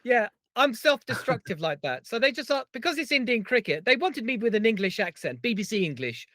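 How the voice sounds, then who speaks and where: Animated man telling stories, dry sound. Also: very high voice, fairly quick, no echo. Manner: lively storytelling, teasing. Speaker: podcast co-host. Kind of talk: casual podcast chat.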